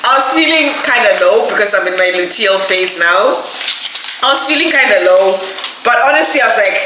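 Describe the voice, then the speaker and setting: A woman's voice: mid-range voice, animated, fairly quick. Gushing emotional young woman vlogger. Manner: gushing, emotional, laughing often. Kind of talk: casual unboxing vlog. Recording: echoey room, background noise.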